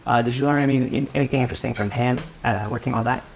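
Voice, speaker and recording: Guy in the crowd asking a question, kinda halting, faint hum behind. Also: medium pitch, fairly even intonation, gravelly. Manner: halting, hesitant phrasing. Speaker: audience member asking a question. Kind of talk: audience question at a live panel. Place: live event audience.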